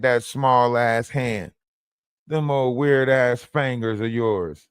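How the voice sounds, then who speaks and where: A man's voice: medium pitch, slow, clean tone, no echo, studio quality. A man hosting a livestream, ranting in a taunting, profane way and repeatedly asking "huh?" at his target. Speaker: livestream host. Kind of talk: profane live-stream rant.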